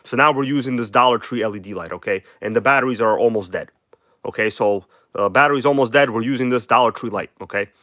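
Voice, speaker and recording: A man's voice: mid-range voice, quick pace, pushed and bright. A man with a New York accent talks casually on a live stream, greeting viewers one by one with an emphatic, chatty manner. His voice sits in a middle range, and the sound is dry with no room echo. He records through a phone at an indoor workbench.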